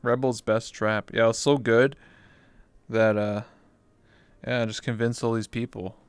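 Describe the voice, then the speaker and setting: A man in his twenties chatting casually on a livestream, excitable and swearing freely. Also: medium pitch, a little slow, smooth, dry recording. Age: 20s. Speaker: VR chat streamer.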